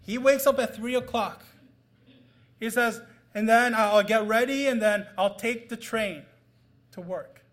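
High-voiced man preaching a sermon. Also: measured pace. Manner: storytelling, swings from loud emphasis to quiet asides. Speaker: pastor.

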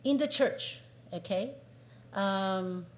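A woman with a mid-range voice preaches a sermon extremely slowly. She asks the congregation questions and acts out the voices of what people say.

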